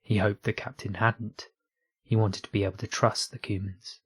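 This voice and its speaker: A man narrating a science fiction story aloud in a steady, unhurried reading voice. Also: fairly low pitch, breathy edge, no echo. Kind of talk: audiobook reading of online fiction.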